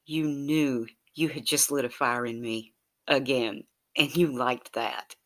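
Romantic audio story narrator, soft, intimate, breathy whispers, mid pitch. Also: fairly even intonation, slow.

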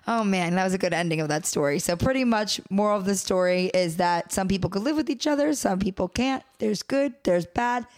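A woman's voice: mid-range voice, a little fast, few pauses, darkish tone. A young woman co-hosting a casual podcast, rambling and giggling as she talks. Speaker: podcast co-host. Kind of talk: casual chat.

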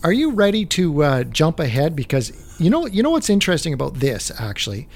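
A man from Canada, a music director, co-hosting a casual, relaxed chat about music history. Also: fairly high pitch, fairly quick.

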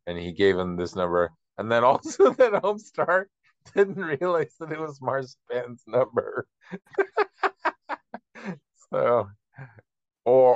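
A man co-hosting a podcast in casual chat, chatty and quick to laugh. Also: fairly low pitch, no room sound, dull audio. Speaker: podcast co-host.

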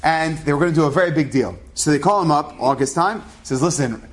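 A man casually telling a true story, acting out the people in it with shifting voices. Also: fast talker. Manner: chatty, acts out dialogue with shifting pitch.

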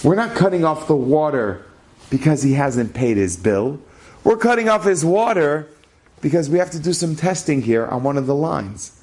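A man's voice: fairly high pitch, lively intonation, moderate pace, darkish tone. A man voicing a burly male utility worker who barks short, dismissive orders. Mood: explaining. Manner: curt, dismissive, barking.

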